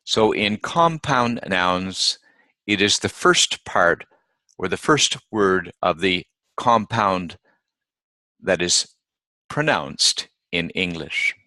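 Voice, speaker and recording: A male teacher giving a pronunciation lesson, speaking deliberately and repeating each example word. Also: low voice, lively intonation, bright, forceful tone, no room sound. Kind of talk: instructional lesson.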